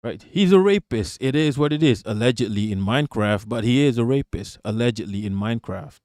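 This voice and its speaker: Speaking fairly quickly in a fairly low, slightly mellow voice, this man is captured in clean studio audio without any room sound. It's casual live-stream commentary: he reacts to the news and talks to chat, swearing and sarcastic throughout.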